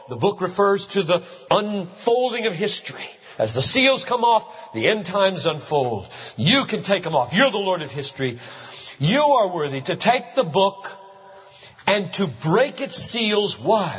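A man preaching a sermon as pastor, emphatic and driving home points with slow, stressed phrases. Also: fairly high pitch, fairly bright tone. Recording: muffled hall reverb.

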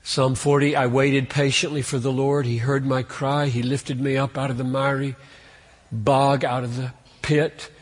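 A man's voice: level tone, measured pace. Earnest male preacher in a reverberant hall. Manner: earnest, rises in pitch and force on key points. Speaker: pastor. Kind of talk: sermon.

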